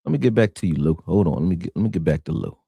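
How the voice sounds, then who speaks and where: Casting: man from Philadelphia, deep low voice, slangy animated sports-stream host, dry close sound. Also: rapid-fire, vocal fry, breathy edge, dry recording. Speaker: sports talk show host. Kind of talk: casual sports talk stream.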